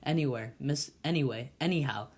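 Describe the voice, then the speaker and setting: A man reads a classic novel aloud in a mid-pitched voice. He is a volunteer reader who stumbles often and restarts his words, with a halting delivery. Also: a little mellow, breathy edge. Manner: halting, with frequent slips and restarts.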